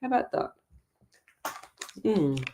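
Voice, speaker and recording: A woman's voice: medium pitch, very animated, slow pace, mellow, a little hiss or hum. A woman hosting a live psychic radio show, chatting casually and reading viewers' comments aloud. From Australia. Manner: eats while talking. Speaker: psychic medium radio host.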